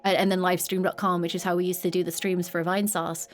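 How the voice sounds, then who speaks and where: A woman's voice: on the low side, little pitch movement, fast, soft background music. Woman, 30s, from England, mostly American accent, slight British edge, casual rambling chat, headset mic. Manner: rambling, many restarts and fillers. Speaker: streamer.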